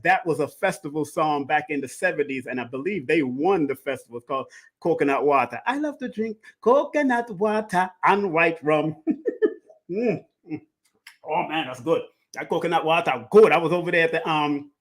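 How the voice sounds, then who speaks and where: A man from Jamaica hosting a live-stream show, with a sing-song hype MC delivery. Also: on the high side. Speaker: host. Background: faint reggae music.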